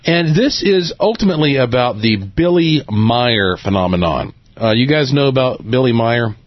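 A man hosting a late-night radio talk show in a chatty, relaxed way, laughing often, talking into a studio microphone. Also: medium pitch, moderate pace, dry recording, lo-fi sound.

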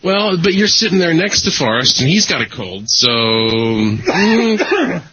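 Husky, forceful man hosting a talk show. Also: fairly high pitch, very animated, takes it slowly. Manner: rambling with fillers and self-deprecating humor. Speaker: podcast host. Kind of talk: casual chat. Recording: dull lo-fi recording.

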